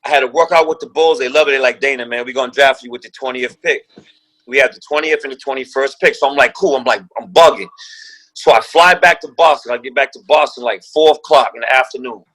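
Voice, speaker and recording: A former pro basketball player, appearing as a guest, tells an animated story full of slang and profanity, acting out other people's voices. His voice is medium-pitched and a bit bright, and the audio is poor.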